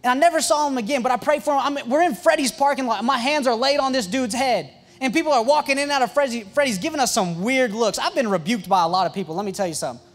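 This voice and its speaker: Young male youth pastor, very high voice, excitable storyteller with quick jokes. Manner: excitable and joking, with quick asides and restarts. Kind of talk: storytelling sermon.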